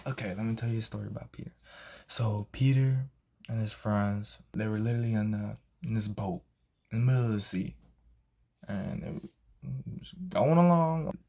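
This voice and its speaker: A man's voice: fairly low pitch, moderate pace, creaky. A young man telling a personal story in a casual vlog, acting out the people he quotes with sudden jumps in voice. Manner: animated, acts out quotes with big jumps in voice. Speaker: vlogger.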